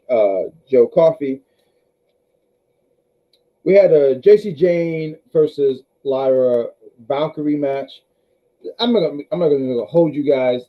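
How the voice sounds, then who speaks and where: Animated rambling male stream host. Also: medium pitch, dull audio. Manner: animated, rambling with restarts, talks to the chat. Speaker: wrestling review host. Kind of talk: casual live-stream review chat.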